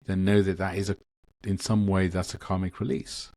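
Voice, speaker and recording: A man appears as a guest on an Akashic Records channel via video call, talking earnestly in a casual spiritual conversation. His deep voice is flat and dark at a moderate pace in a dry recording, and he rambles with frequent restarts.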